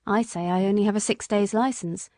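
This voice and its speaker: Brief: a woman reading as an earnest working-class cabman, mellow and dry-toned. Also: medium pitch, steady tone, fairly quick, no room sound, close to an everyday voice. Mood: steady.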